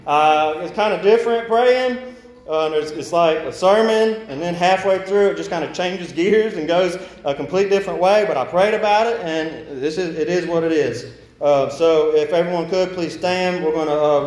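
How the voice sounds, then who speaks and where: A young man preaching in a church, his slightly high voice ringing around the room. He talks in a halting, searching way with frequent restarts, slows down to read scripture, and lifts his voice when he prays. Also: darkish tone, echoey room, low-quality recording. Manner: halting, many restarts and fillers; slow measured scripture reading. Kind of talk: sermon. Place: church sanctuary.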